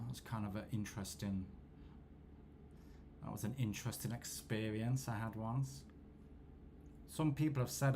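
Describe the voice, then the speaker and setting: A man, host of a football watchalong, telling rambling, self-deprecating stories in a low-key casual chat. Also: fairly even intonation, normal speed, pauses often, darkish tone, a little hiss or hum. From England.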